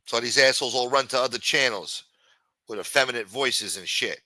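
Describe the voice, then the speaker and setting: A man's voice: medium pitch, fairly quick, sharp tone, no room sound. A man hosting a livestream, ranting with frequent swearing and exasperation. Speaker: livestream host.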